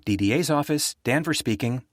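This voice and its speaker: A man voicing a brisk, formal female receptionist answering a phone in an audiobook. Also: mid-range voice, lively intonation, no echo, studio quality, lightly acted. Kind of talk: audiobook character voice.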